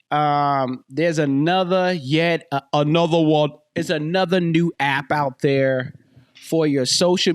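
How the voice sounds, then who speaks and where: A man hosting a podcast in casual commentary, animated and emphatic, with slangy talk and repeated phrases, into a podcast microphone. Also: fairly high pitch. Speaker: podcast host. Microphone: dynamic USB podcast microphone.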